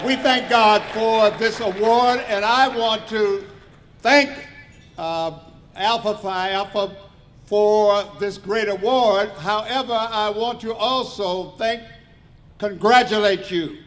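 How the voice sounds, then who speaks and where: An older man with a high-pitched voice accepts an award. He speaks formally, with the measured rhythm of a church speaker. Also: fairly bright tone. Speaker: award recipient.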